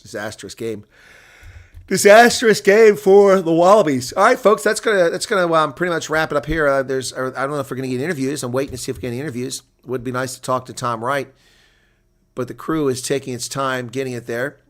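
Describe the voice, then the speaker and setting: Man, live rugby play-by-play, excitable and shouting on big plays, chatty reaction, answers viewer chat. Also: mid-range voice, fast.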